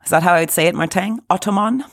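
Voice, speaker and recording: A woman's voice: lowish voice, very fast, gravelly. A woman co-hosting a casual chat, who explains things step by step and laughs often. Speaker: podcast co-host.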